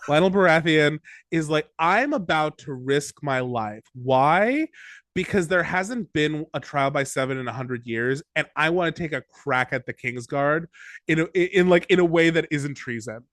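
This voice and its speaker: A man co-hosting a podcast in casual chat, rambling and excitable, with many restarts. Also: on the high side, normal speed, dry recording, clean studio sound. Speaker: podcast co-host.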